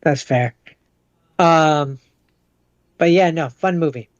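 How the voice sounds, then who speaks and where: A man's voice: a little high, takes it slowly, no echo, highs cut off. A man co-hosting a casual podcast chat, hesitant and full of fillers and restarts. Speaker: podcast co-host.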